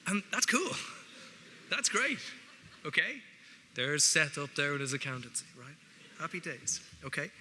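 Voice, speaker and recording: A wry Irish man speaks to a hall of students, his voice very bright and a little high. His talk is conversational and full of jokey asides. The long reverb of a large hall trails each phrase. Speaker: guest speaker. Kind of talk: public speech to students. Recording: reverberant hall, faint noise.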